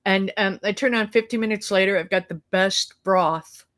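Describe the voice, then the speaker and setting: A woman's voice: mid-range voice, moderate pace, fairly bright tone. Chatty middle-aged woman co-hosting a talk show. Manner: chatty, rambling with fillers and restarts. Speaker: co-host. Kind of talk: casual chat. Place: home, on a live video call. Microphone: video call.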